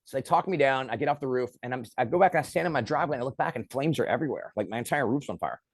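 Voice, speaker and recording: A man's voice: mid-range voice, racing. A man in a sit-down interview, talking casually and telling a personal story. He slips into other people's lines as he goes, acting them out. The sound is close and dry, with no room echo. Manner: lively storyteller who acts out quoted lines. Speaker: film director and guest.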